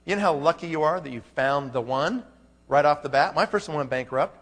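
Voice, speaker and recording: Speaking briskly in a fairly high, slightly bright voice, this man gives an emphatic motivational talk at a conference and peppers the audience with rhetorical questions. A long hall reverb colors the recording.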